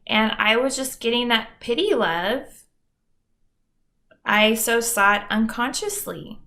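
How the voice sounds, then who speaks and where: A woman's voice: fairly high pitch, lively intonation, slow pace, sharp tone. A young adult woman hosting a podcast, talking candidly and mocking herself, with dramatic asides and plenty of swearing. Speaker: podcast host. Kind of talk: candid solo monologue.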